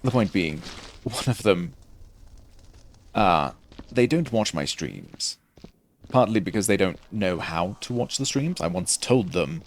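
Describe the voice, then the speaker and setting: Low gravelly young man rambling. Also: expressive, takes it slowly, slight background noise. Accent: mild faux British-Australian lilt. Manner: self-deprecating, digressive, jokey. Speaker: streamer. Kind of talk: rambling gameplay commentary.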